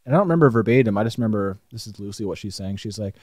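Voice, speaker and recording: A young man co-hosting a podcast, telling a story in a casual, animated way and swearing freely. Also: lowish voice, racing, dry recording. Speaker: podcast co-host. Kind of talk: casual chat.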